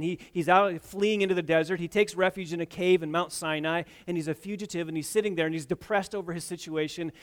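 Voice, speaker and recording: Energetic male preacher with a fairly high voice. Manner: dynamic preaching, swells loud on key points then drops soft; retells scripture with acted quotes and asides to the congregation. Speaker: pastor. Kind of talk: sermon.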